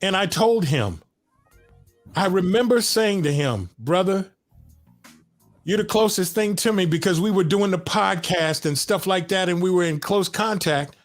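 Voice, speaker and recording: A radio personality and voice actor in casual podcast talk, addressing a friend as brother. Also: male voice, sits high, expressive, unhurried, faint music behind.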